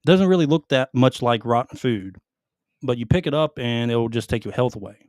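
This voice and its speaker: Male podcast host, lively swooping pitch, dry close sound, playful and teasing. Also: brisk, no echo. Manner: teasing and hyped. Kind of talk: casual chat.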